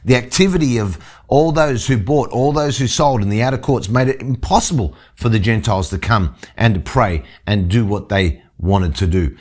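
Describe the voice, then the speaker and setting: A man's voice: on the low side, normal speed, few pauses, a little mellow. A man preaching a sermon, reading scripture aloud and explaining it verse by verse. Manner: expository, reads scripture then explains. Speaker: pastor. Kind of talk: sermon teaching.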